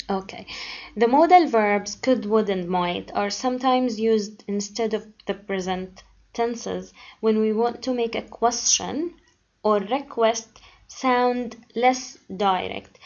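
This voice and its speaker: Woman, English teacher, unhurried, hesitant delivery with fillers, muffled low-fi sound. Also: darkish tone. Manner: patient and hesitant, with many ums and uhs. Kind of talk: classroom grammar lesson. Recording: dull lo-fi recording.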